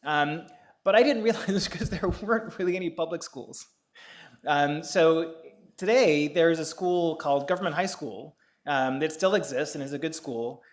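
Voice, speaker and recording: Speaking at a moderate pace in a somewhat high voice, a man in his fifties from the Bahamas lectures on public law in a lecture hall. He shares personal stories casually, often using fillers and chuckling lightly.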